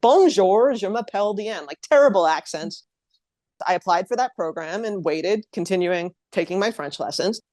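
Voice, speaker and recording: A woman's voice: medium pitch, darkish tone, no room sound, clean studio sound. A woman in her thirties from New Jersey, a blogger telling her story in a casual interview as a chatty, open guest. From New Jersey, USA. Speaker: guest, living-abroad blogger.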